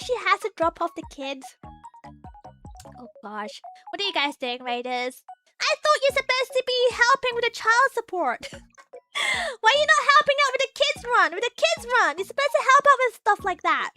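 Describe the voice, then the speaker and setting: A woman's voice: very high-pitched, very animated, moderate pace, pushed and bright, soft background music. A young woman streaming as a VTuber, chatting casually with her viewers, giggly and playfully teasing her chat.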